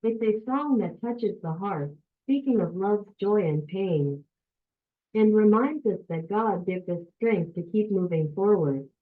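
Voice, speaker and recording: A woman's voice: medium pitch, a little slow. Robotic text-to-speech lady reading a speech, tinny phone-ish audio. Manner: even, mechanical delivery. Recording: phone-like narrow band.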